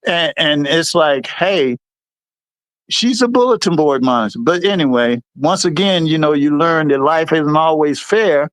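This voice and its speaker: A middle-aged man from the United States hosts a livestream, telling service stories at a measured pace with no room sound. He's animated, acting out the people in his tales and voicing their quotes in a higher pitch as he chats.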